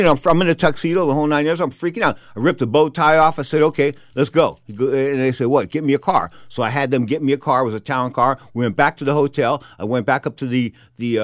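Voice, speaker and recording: An older man, a boxing announcer, telling an animated anecdote, repeating himself and acting out the people he quotes. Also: mid-range voice, no echo, clean studio sound. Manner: animated, repetitive, acts out quotes. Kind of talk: storytelling anecdote.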